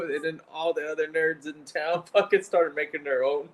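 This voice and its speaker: A man's voice: fairly high pitch, steady tone, normal speed. A man co-hosting a casual chat who chuckles his way through his stories. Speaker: co-host.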